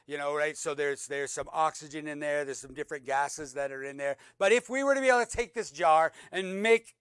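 A man preaching a sermon, reading scripture aloud and swinging between loud emphatic peaks and soft low drops. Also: clear, resonant tone, no echo. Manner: reads scripture aloud, repeats words for emphasis. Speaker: pastor.

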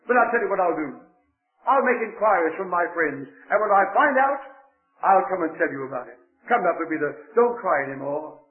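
A man voicing a polite, self-assured male artist speaking with a patronizing air. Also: sits high. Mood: awkward. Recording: echoey, phone-like lo-fi recording.

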